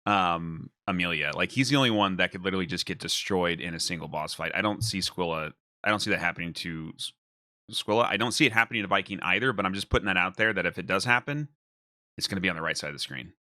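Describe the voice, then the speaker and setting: Man stream host, low bright voice, dry sound, rambling self-mocking commentary. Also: quick pace, no echo. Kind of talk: casual live game commentary.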